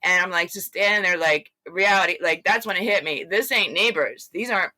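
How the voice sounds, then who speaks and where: A woman recounts her story as an interview guest, talking in a loose, rambling way with plenty of fillers and acted-out quotes. Her voice is bright and forceful. The sound is dry and close, with no room echo. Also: on the low side, fairly quick. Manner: rambling, animated retelling with many fillers. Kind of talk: casual storytelling.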